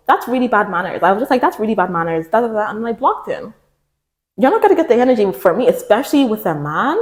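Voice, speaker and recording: A young woman talking candidly to camera, giving self-help advice in a casual, emphatic way, acting out other people's lines as she goes. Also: mid-range voice.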